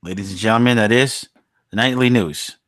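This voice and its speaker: A man's voice: fairly low pitch, fairly quick, a bit bright, no echo. A man hosting a podcast, ranting in a heated, profane and outraged way. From United States. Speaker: podcast host.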